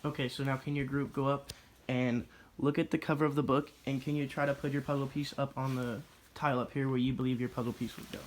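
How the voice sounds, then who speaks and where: A man's voice: medium pitch, level tone, fast, slight background noise. A male teacher in a classroom reading a picture book aloud in a rhythmic, sing-song way, then giving instructions.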